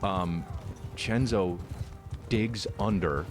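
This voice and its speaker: A man's voice: low voice, extremely slow, over music. A man who is a comedian, chatting casually and telling a story with lots of swearing. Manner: animated storytelling, swearing freely. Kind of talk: casual chat.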